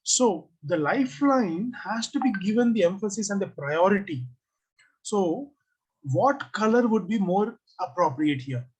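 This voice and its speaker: A design teacher runs an online class review over a computer mic on a video call. The voice is a little husky and sits at a middle pitch. The teacher keeps asking the class questions and reads out what students type in. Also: lively intonation, unhurried, a little mellow, poor audio.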